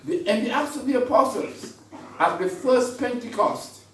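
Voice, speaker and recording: Priest preaching in an echoey church. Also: male voice, very high-pitched, animated, moderate pace, fairly bright tone, recorded from a distance, slight background noise. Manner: conversational preaching with repetitions and rhetorical questions. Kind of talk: sermon.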